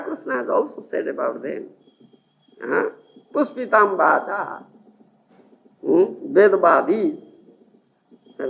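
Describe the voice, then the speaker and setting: Slow gravelly Indian-man on old tape. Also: high voice. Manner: questioning, checks listeners often. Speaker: spiritual teacher. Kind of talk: lecture on scripture. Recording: dull old lecture tape with hiss.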